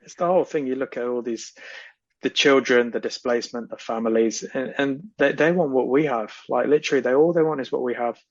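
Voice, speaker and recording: A man's voice: medium pitch, fairly quick, no echo. A man speaking as a podcast guest, earnest and impassioned, often repeating phrases for emphasis. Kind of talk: casual podcast conversation. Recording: slightly dull lo-fi audio.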